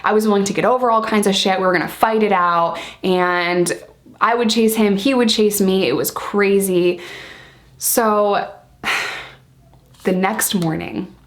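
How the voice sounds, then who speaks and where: A woman vlogger telling a personal story to the camera in a casual, blunt way, swearing freely and often calling the viewers "you guys.". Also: medium pitch. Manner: lively, speeds up and slows down for emphasis.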